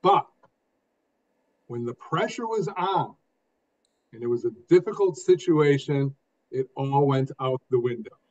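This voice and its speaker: An older man, a guest telling his story in an expressive, emphatic way, phrase by phrase. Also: medium pitch, unhurried, long pauses. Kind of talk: conversational storytelling. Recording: dull lo-fi sound.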